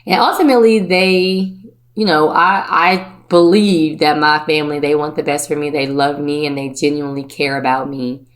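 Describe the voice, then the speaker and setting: Chatty, low-voiced woman telling stories. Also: steady tone, moderate pace. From Virginia, USA. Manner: playful, chatty, often puts on the voices of relatives. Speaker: podcast host. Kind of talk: personal storytelling monologue.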